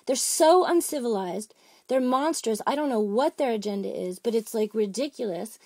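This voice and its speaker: A woman's voice: on the high side, animated, normal speed, darkish tone, no room sound, clean studio sound. Agitated rambling woman caller. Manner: rambling, agitated, many restarts. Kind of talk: phone-in complaint.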